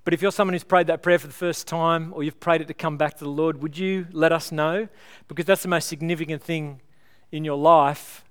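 At a church service, this pastor's earnest, pleading sermon builds with illustrations, then slows as he guides the congregation in prayer. His voice is a little high, clear and resonant, and his intonation stays fairly even.

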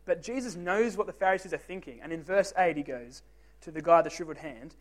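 Fast and somewhat high-voiced, a young man runs a casual youth group talk full of jokes about himself. He engages the teens by asking them direct questions.

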